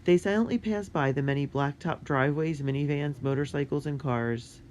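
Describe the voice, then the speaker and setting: A narrator reading a children's adventure book in a clear, steady way. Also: mid-range voice, normal speed, slight background noise.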